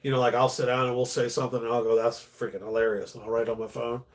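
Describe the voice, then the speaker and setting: A man's voice: mid-range voice, flat delivery, very fast. A middle-aged man, a stand-up comedian, chatting casually on a livestream, rambling with many restarts and swearing freely.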